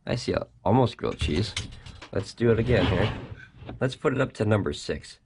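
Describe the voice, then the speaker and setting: A man's voice: on the low side, animated, moderate pace, vocal fry, background noise. A man hosting a casual product review vlog, chatty and folksy, talking straight to his viewers from a home kitchen.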